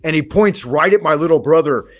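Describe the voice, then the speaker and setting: A man's voice: a little high, lively intonation, brisk. A man from Southern California hosting a casual chat, telling rambling, profane anecdotes. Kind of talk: casual conversational storytelling.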